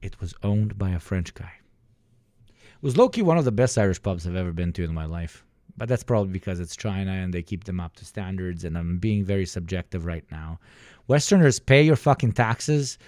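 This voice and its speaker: A man's voice: low-pitched, lively intonation, fairly quick, darkish tone, no room sound, studio quality. A young man from the Balkans, livestreaming, telling a rambling, profane story to his chat. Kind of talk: casual chat with viewers.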